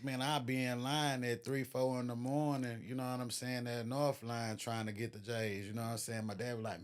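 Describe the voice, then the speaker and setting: A man's voice: medium pitch, little pitch movement, normal speed, hardly any pauses. Laid-back man in easy chat. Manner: laid-back, peppers speech with "you know what I'm saying". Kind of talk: casual conversation.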